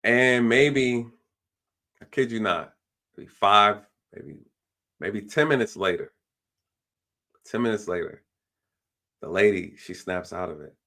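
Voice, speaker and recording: Gravelly low-voiced man telling a story. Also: slow, pauses often. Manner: animated, acts out the other people's lines; repeats phrases, fills with "you know" and "like". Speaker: police officer telling a story as a guest. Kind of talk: casual storytelling on a live stream.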